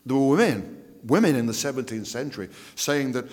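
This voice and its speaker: A man preaching a sermon, emphatic, drawing out key words and dropping to a hush. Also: mid-range voice, animated. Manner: emphatic, drawn-out phrasing with dramatic drops to a hush. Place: church. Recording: reverberant church hall.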